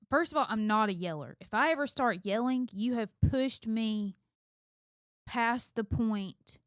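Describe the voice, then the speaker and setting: A woman's voice: medium pitch, clear, resonant tone, no echo, clean studio sound. A middle-aged woman co-hosting a casual chat. She speaks emphatically and candidly, reflecting on her own habits. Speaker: co-host, mother of two.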